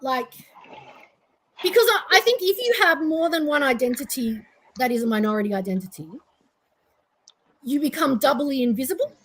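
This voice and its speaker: An Australian woman guest on a casual podcast, talking with animated energy and sarcastic asides. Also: sits high, normal speed, pauses often, breathy edge, poor audio. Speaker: guest advocate.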